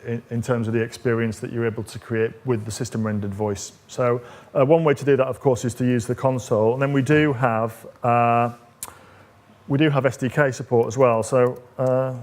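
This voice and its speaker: A man presenting as a technical evangelist, explaining a software demo step by step in a conversational way with frequent fillers. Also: medium pitch. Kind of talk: live coding demo presentation.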